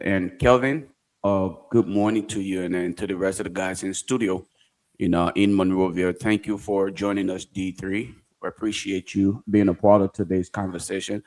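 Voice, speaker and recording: A man hosting a political talk show, deliberate and arguing through rhetorical questions. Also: sits low, darkish tone. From Liberia.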